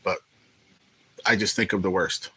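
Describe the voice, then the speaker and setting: A man's voice: low voice, fairly even intonation, unhurried, pushed and bright, slightly rough, poor audio. A man hosting a casual livestream, joking and rambling with viewers and swearing freely. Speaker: livestream host.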